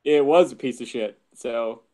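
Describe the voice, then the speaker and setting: A man's voice: mid-range voice, measured pace, mellow. A Canadian man chatting casually as a guest, laughing often and swearing while he teases. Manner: laughing, profane, teasing. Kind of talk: casual chat.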